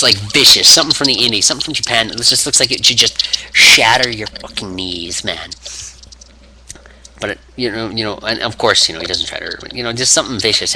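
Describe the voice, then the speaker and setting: A man talking casually in a vlog, rambling through a play-by-play with many restarts and fillers. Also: on the low side. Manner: rambling, full of restarts and acted grunts. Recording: steady background hiss.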